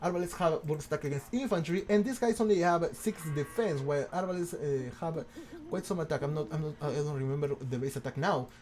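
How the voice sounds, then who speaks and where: A man casting a strategy game, excitable and stammering, firing off rhetorical questions. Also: fairly high pitch, a little fast. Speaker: game commentator. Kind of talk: casual game commentary.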